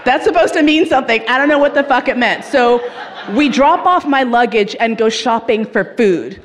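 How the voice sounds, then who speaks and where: A woman telling a comic story, swearing freely and laughing as she goes, with lively swings in her voice. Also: a little high, moderate pace, noisy background. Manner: profane, laughing through the telling.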